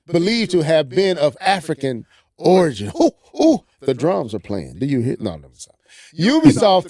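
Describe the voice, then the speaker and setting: Co-hosting a casual gaming news podcast, a man reads an article aloud and breaks off for playful asides. His voice sits high and is a little mellow.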